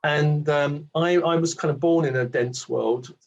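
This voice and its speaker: A British man in his sixties, a reflective guest telling his story with gentle self-deprecating asides. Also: on the high side, steady tone, a little slow, creaky. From Britain. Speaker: award recipient guest. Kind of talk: reflective casual conversation. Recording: dull muffled lo-fi audio.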